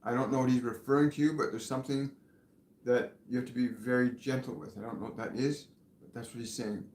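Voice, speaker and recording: Soft-spoken man in a roomy space. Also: medium pitch, steady tone, slight background noise. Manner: soft-spoken, gentle, pauses and fillers, drops to near whisper at times. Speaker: spiritual medium hosting live Q&A. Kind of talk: live-stream channeling and reading viewer questions.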